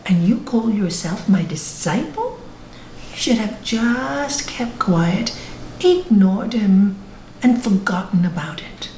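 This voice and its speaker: A woman voicing a stern male guru who rebukes his disciples in sharp, exasperated bursts, in an echoey room over a video call. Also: mid-range voice, animated, slow pace, a little hiss or hum. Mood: scolding.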